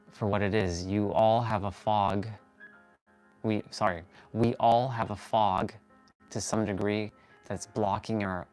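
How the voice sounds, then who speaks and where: An earnest man with a low, smooth voice hosts a fitness and motivation livestream, giving a motivational talk while stretching. He rambles, often restarting and correcting himself.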